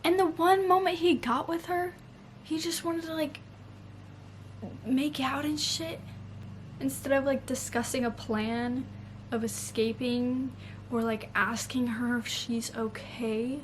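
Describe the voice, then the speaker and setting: A young woman vlogging about a book series in a casual, animated way, swearing often and saying "like" constantly. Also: high voice, slow. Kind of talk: casual reading vlog. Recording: faint background noise.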